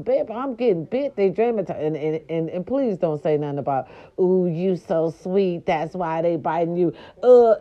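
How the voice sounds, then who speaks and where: A woman's voice: fairly high pitch, warm tone, muffled recording. A woman over forty-five giving a sassy, profane morning recap, growling and bleeping herself in fun. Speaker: vlogger. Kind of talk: casual morning recap monologue.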